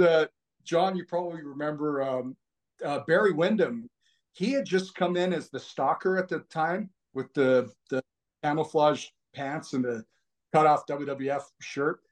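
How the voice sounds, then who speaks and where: A man, a podcast guest, telling stories in a rambling, animated way full of fillers. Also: fairly high pitch, normal speed. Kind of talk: casual storytelling conversation.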